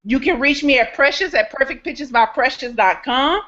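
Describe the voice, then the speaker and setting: A woman giving a motivational speech with a noticeable accent, declaiming each line slowly and with emphasis. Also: high-pitched, fairly bright tone. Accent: non-native English. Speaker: guest speaker, business coach. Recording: dull lo-fi sound.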